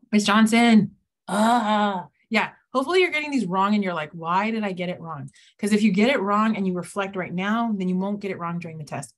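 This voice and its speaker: Woman math teacher, live class, playful and teasing. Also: medium pitch. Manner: playful, teasing, mimics students in quotes.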